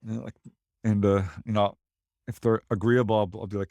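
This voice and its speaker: A man, a paranormal investigator, telling anecdotes in a casual interview in an animated way. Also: fairly low pitch, brisk, no room sound, clean studio sound. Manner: animated, anecdotal, laughs between lines.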